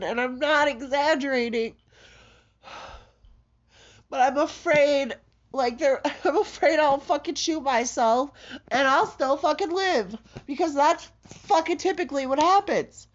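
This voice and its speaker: A woman in a raw confessional monologue, distraught and halting, swearing heavily and breaking into shaky laughter. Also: high voice. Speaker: vlogger. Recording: dull lo-fi audio.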